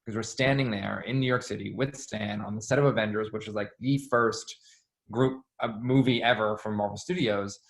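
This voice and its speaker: A man being interviewed, telling stories in a chatty, animated way with lots of "like". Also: fairly low pitch, moderate pace, gravelly. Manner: chatty, animated, heavy use of "like". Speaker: interview guest, former assistant. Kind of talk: casual storytelling interview.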